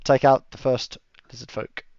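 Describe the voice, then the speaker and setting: A man's voice: medium pitch, level tone, normal speed, darkish tone, clean tone, no echo. A man running a tabletop game as game master, chatting casually with fillers and laughing asides. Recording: dull lo-fi audio with a dry sound.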